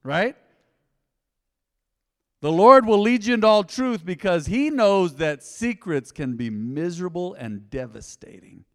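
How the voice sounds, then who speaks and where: A middle-aged man preaching a sermon in a church, passionate and emotional, swinging between loud excitement and quiet, earnest talk. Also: high voice, unhurried. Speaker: pastor. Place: church sanctuary. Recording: long hall reverb.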